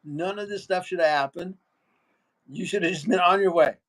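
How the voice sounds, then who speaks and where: Male interview guest, higher voice, lively raconteur who voices the people in his story. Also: moderate pace. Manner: animated storyteller, acts out other people's lines.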